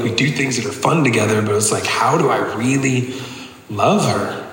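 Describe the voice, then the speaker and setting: A man's voice: mid-range voice, fairly bright tone. A man preaching a personal testimony to a congregation in a conversational, earnest way, full of casual fillers. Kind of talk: sermon testimony. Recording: echoey hall, long reverb.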